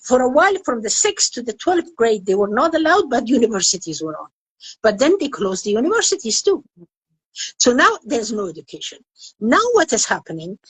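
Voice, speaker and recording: An older woman from Afghanistan speaks in an interview with a husky, breathy voice pitched fairly high. She talks earnestly and insistently, often repeating a phrase for emphasis. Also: big pitch swings, brisk, no echo, rough recording. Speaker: women's rights activist. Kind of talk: emotional interview. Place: indoors in Kabul.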